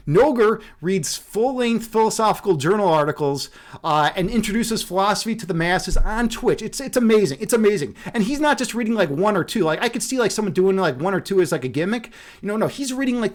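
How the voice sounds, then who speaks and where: A man chatting casually on a livestream, rambling and profane, laughing often. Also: high voice. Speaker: streamer.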